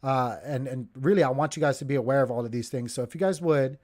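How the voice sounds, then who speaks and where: A man's voice: medium pitch, fast talker, darkish tone. A man hosting a casual livestream, talking viewers through charts in a chatty, joking way and speaking straight to them. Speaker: crypto livestream host. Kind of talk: casual live chart commentary.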